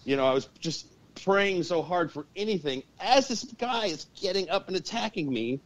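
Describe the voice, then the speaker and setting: A man telling a story as a podcast guest, animated and swearing freely. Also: sits high, normal speed. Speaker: guest, urban shaman and exorcist. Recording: dull lo-fi podcast audio.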